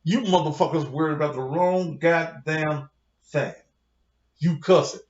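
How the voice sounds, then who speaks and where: A man's voice: on the high side, unhurried. A man who is a pastor, delivering a heated, confrontational rant full of cursing to his online audience. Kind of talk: profane livestream rant. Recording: roomy, dull lo-fi sound.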